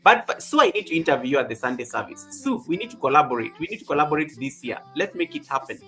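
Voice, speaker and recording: A man hosts a livestream, chatting casually, greeting viewers by name, and repeating his phrases, with faint music behind him. His voice is fairly high-pitched, expressive, and sharp, and he talks very fast.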